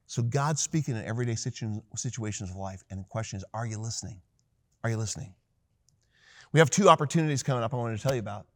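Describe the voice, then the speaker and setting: Guy preaching a sermon, kinda high voice, gets super animated on the quotes, dry sound. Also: dry recording. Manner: animated, voices quoted lines with big pitch jumps. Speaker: pastor.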